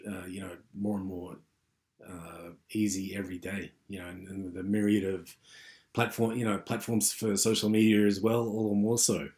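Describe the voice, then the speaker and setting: A man's voice: lowish voice, a little mellow. A man giving an unscripted university lecture, rambling with many fillers and restarts.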